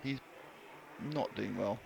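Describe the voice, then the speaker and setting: A man's voice: fairly low pitch, takes it slowly, vocal fry, darkish tone. A man doing live race commentary, chatty and joking with his co-commentator. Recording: light background noise.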